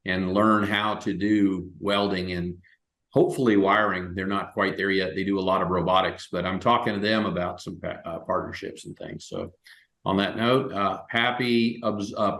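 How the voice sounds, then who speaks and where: A man hosting a web show, rambling and relaxed with many fillers. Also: lowish voice, gravelly. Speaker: host. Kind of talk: casual chat. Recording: echoey room.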